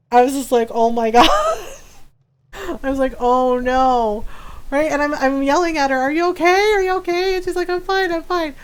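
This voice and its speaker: A woman's voice: high-pitched, darkish tone. A young woman live-streaming a game, telling stories in casual chat, laughing often and acting out what people said. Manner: chatty storyteller, laughs often, acts out quotes.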